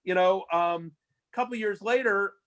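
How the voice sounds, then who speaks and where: A man's voice: high voice, moderate pace. A man guest in a casual interview, telling stories with many fillers and restarts. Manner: rambling, lots of fillers and restarts, animated retelling. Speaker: fantasy sports analyst guest.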